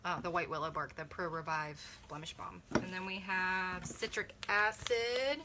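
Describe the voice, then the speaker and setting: A woman's voice: on the low side, fairly even intonation, a little slow, background noise. A young woman, a mother, chatting casually through a beauty kit unboxing, thinking aloud and correcting herself as she reads viewer comments.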